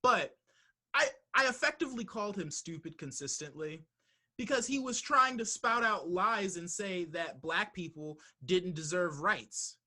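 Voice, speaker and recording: A young man hosting a casual podcast chat, telling stories in a lively, profane way. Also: high-pitched, measured pace. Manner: animated, profane storytelling. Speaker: podcast host. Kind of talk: casual conversation.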